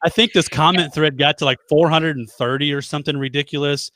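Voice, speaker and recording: A man's voice: a little high, fairly even intonation, fast talker, fairly bright tone, no room sound. A man hosting a casual live web show, rambling and joking about himself as he chats with his co-host. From United States. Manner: chatty, rambling, self-deprecating jokes. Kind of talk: casual live-stream chat.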